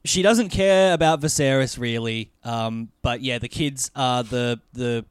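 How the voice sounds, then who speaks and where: A man's voice: medium pitch, a little slow, clear, resonant tone, dry recording. A man co-hosting a podcast, chatting casually, often agreeing with yeahs. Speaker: podcast co-host. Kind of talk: casual chat.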